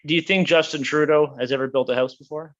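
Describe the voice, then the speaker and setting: A man's voice: fairly high pitch, fairly even intonation, fast, a bit bright, muffled recording. A man from Canada, a guest in an interview, talking casually and animatedly with many restarts. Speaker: guest, housing builder.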